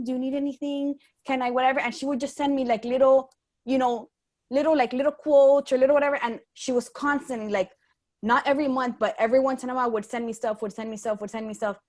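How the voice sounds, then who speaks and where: A woman's voice: high voice, a little mellow. A woman on a team call telling a candid personal story, acting out the voices she quotes. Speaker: team member.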